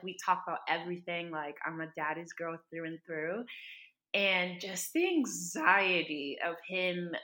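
A woman speaking earnestly and from the heart as a podcast guest, with a low-set but bright, forceful voice. She fills her talk with "like" as she goes. The sound is roomy, with a clear echo. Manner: earnest, heartfelt storytelling with many "like" fillers. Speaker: podcast guest, dietitian and author. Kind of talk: casual podcast conversation.

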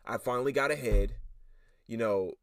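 A man's voice: medium pitch, moderate pace, creaky, no room sound, clean studio sound. A young man hosting a solo podcast, rambling casually with profanity and self-mocking asides. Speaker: podcast host.

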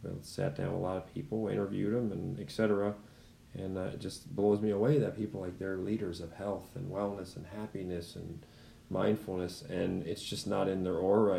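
Deep, gravelly host in an echoey room. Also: male voice, little pitch movement, normal speed, dark tone, slight background noise. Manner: searching, thinks aloud with restarts. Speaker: podcast host. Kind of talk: casual interview talk.

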